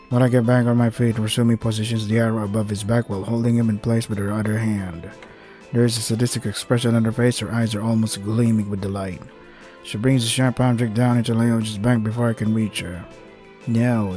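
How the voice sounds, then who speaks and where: Low-voiced man reading a game aloud. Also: warm tone. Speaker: gaming video host. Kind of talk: reading a visual novel aloud with asides.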